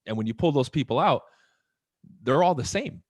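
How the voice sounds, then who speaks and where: A man in mid pitch talks on a podcast. He is animated and swears a lot, with rhetorical questions. His voice sounds close and dry. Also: moderate pace, no room sound. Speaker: podcast guest. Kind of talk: casual podcast chat.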